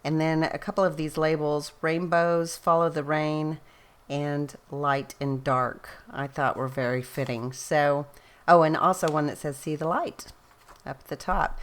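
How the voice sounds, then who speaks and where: A woman's voice: deep voice, smooth. A middle-aged woman, a scrapbooking vlogger rambling in casual, chatty storytelling and laughing often. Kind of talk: casual chat.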